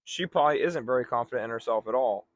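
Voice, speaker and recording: A man's voice: medium pitch, quick pace, muffled recording, crowd noise. A young man co-hosting a podcast, reflecting earnestly in casual chat. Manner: earnest, reflective, with many fillers. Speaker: podcast co-host.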